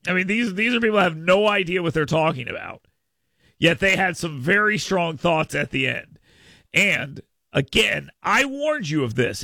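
A man's voice: high voice, vocal fry, bright, forceful tone, no room sound, clean studio sound. A man hosting a political talk radio show, ranting sarcastically. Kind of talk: opinionated talk radio monologue.

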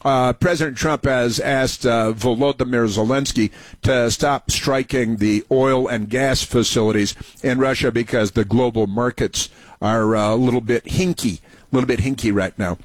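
A man's voice: medium pitch, steady tone, moderate pace, no echo. A man hosting a political talk radio show, sarcastic and mocking, with many hesitant fillers.

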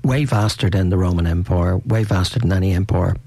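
Male radio host, low and gravelly, rambling casual chat, dry close sound. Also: fairly quick, warm tone. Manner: rambling, repeats words, laughs easily.

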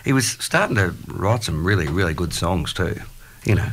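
A middle-aged Australian man hosting a radio chat, rambling and halting with lots of fillers. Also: low-pitched, lively intonation, a bit bright. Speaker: radio host. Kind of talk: casual chat.

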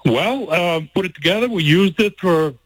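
A man's voice: high-pitched, expressive, moderate pace, fairly bright tone, low-quality recording. Folksy older man telling a story. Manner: folksy storyteller, laughs often, gets emotional. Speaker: guest telling a life story. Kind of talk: personal storytelling.

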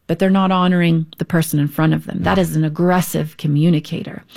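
A woman's voice: medium pitch, darkish tone. A woman counselor talks as a guest on an interview show, with a mid-range voice. She explains ideas in an earnest, teacherly way and acts out her examples. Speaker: counselor and author.

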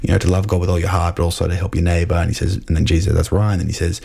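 A man's voice: low voice, little pitch movement, rapid-fire, gravelly, warm tone, a little hiss or hum. A young man hosting a show, talking through ideas in a thoughtful, rambling way with many fillers and restarts. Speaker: podcast host discussing a film. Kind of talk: casual analytical talk.

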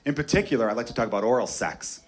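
Racing through his material in an expressive, mid-range voice, a man does stand-up in a comedy club. He's brash and swears a lot while acting out voices, and the live recording picks up the audience laughing.

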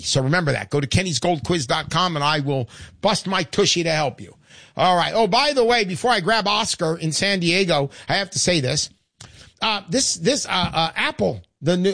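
A man's voice: on the high side, creaky, no room sound, clean studio sound. An older man hosting a call-in radio show, talking in a chatty, emphatic way and often repeating himself. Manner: animated, chatty, emphatic repetition.

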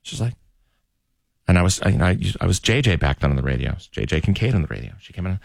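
A man's voice: sits low, quick pace, creaky, no room sound, studio quality. A man hosting a radio show, chatting and telling stories animatedly with frequent laughs. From United States. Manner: animated storyteller, laughs often. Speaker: radio host. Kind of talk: casual radio banter. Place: radio studio.

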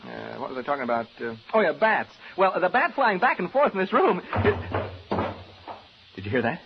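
A jittery male radio announcer rambles and stammers to his listeners, his fairly high voice leaping all over the place. The sound is a dull, lo-fi old radio drama recording with a faint hiss underneath. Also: sing-song, moderate pace, creaky, heavily acted. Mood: nervous. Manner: nervous, stammering, rambling and chatty. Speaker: radio announcer alone in a haunted house. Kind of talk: 1940s radio drama acting.

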